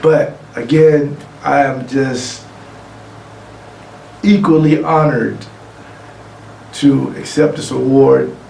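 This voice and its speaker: A middle-aged man giving an award acceptance speech, telling a lively anecdote and acting out other people's lines. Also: mid-range voice, takes it slowly, vocal fry, pauses often. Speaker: award honoree. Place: room, recorded for a virtual gala. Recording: echoey room, distant mic, faint noise.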